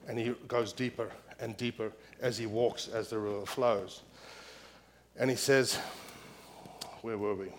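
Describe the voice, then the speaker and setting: A man preaching a sermon as pastor in a church, repeating key phrases with emphasis and growing loud when reading scripture. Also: medium pitch.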